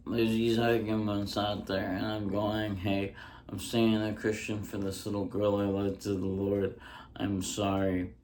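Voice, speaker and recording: Casting: man, low monotone delivery, rambling deadpan stand-up at home, faint noise in the room. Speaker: stand-up comedian. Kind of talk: casual ASMR stand-up bit. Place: indoors at home. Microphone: handheld mic close up.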